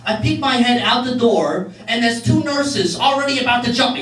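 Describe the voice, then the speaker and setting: Man, very high voice, storytelling sermon, animated, echoey room. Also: moderate pace. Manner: animated storyteller, laughing between lines. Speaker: speaker giving a church message. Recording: echoey room, mic far off.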